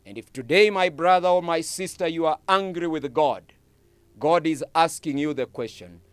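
A man's voice: on the high side, moderate pace, smooth, dry recording. A man preaching a sermon, emphatic and repeating his phrases for effect.

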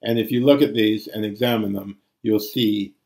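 A man's voice: lowish voice, steady tone, normal speed, gravelly, darkish tone. A man teaching Greek grammar in a recorded lecture, reciting forms aloud.

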